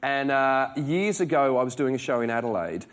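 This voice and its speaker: A male comedian guest telling animated stories in casual talk show chat. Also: mid-range voice. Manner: animated storytelling, quick jokey asides.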